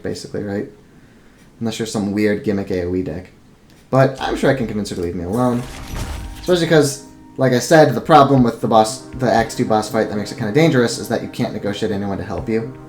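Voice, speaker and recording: A man's voice: medium pitch, darkish tone. Casual, profane man playing a game. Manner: casual, profane, thinking aloud. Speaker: gameplay commentator. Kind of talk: let's play commentary.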